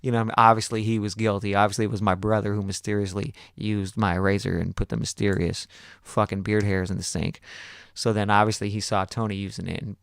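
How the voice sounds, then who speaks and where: A man's voice: lowish voice, a little fast, creaky, no room sound. A man hosting a podcast, telling a long story casually, swearing a lot and acting out other people's lines. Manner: profane, animated, acts out other people's lines. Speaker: podcast host.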